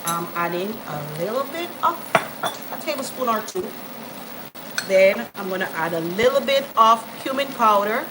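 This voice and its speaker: A cooking channel host with a medium-pitched voice and big pitch swings chats enthusiastically with viewers during a live stream, speaking at a moderate pace. She adds ingredients in her home kitchen as a pan sizzles and food fries in the background.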